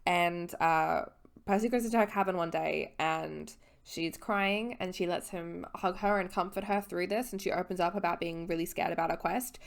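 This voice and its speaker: A woman's voice: on the low side, steady tone, moderate pace, gravelly. A young woman in her twenties, a little tipsy, giving a casual, rambling book recap as a vlogger, swearing and correcting her own slips.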